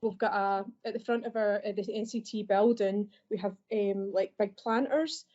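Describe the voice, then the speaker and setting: A woman's voice: medium pitch, fairly even intonation, moderate pace, mellow. A Scottish woman who works as a library assistant, chatting on a podcast in a friendly, self-deprecating way. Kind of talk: podcast conversation. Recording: dull lo-fi podcast audio.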